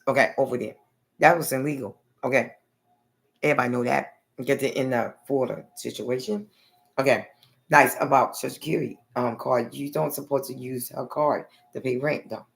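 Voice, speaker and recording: A woman's voice: a bass voice, creaky. A woman vlogger telling a long personal story in a rambling, blunt way, often adding okay and honey.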